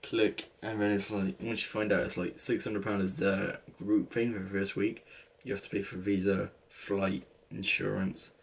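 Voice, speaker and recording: A man's voice: deep voice, flat delivery, moderate pace, gravelly, few pauses. A young man in his late teens with an English accent, rambling through a casual story with lots of "like" and restarts. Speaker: vlogger.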